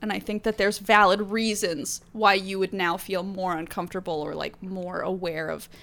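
A woman co-hosting a casual chat, teasing and quick with jokes. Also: mid-range voice, fairly even intonation, gravelly, fairly bright tone. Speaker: podcast co-host.

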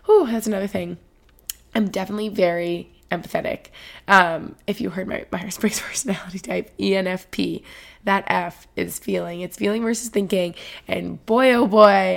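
A woman's voice: mid-range voice, steady tone, normal speed, vocal fry. A woman in her twenties hosting a casual solo podcast, rambling and emotional, with lots of "like". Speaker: podcast host.

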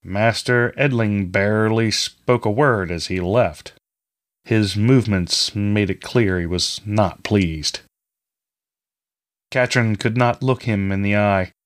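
A man reading a fantasy story aloud in a measured, steady storytelling manner. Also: lowish voice. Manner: measured storytelling, reading all parts himself. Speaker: audiobook narrator. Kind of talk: scripted fantasy narration.

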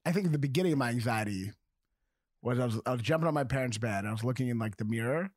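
Brief: man, podcast co-host, mid pitch, laughs through his stories, dry close sound. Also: expressive, quick pace, dry recording. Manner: laughs often while telling stories. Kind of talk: casual chat.

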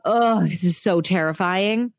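A woman's voice: lowish voice, measured pace, dry recording, clean studio sound. A woman hosting a podcast, recounting a true crime story in a casual, chatty way full of "like" and "you know". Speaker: podcast host.

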